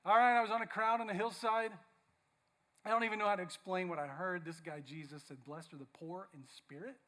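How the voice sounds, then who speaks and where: A man's voice: high-pitched, sharp tone. A man pastor giving a humorous sermon, playfully reading mock social media posts aloud to a church.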